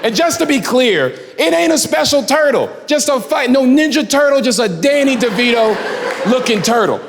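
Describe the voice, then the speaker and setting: A man performing a stand-up comedy set, telling stories with lively shouting and acting out characters. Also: extremely high pitch, normal speed. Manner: animated storytelling, shouting punchlines, acting out characters. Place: large hall before a live audience. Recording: live hall reverb, loud crowd. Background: crowd laughing.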